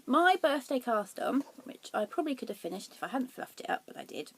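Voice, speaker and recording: A young woman hosting a knitting podcast, chatting casually and excitably, laughing at herself as she shows her yarn. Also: a little high, brisk, slight background noise. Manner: excitable, giggly, self-deprecating.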